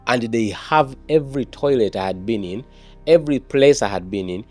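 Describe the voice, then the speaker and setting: A man's voice: medium pitch, expressive, normal speed, a little mellow, no room sound, soft background music. A man, an evangelist telling his personal testimony in an interview, earnest and often repeating words and restarting.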